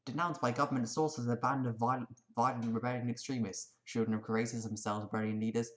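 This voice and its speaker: A man's voice: medium pitch, fairly even intonation, fast talker, close to an everyday voice. A man voicing a pushy male TV news reporter who fumbles through his newscaster lines. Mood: reporting.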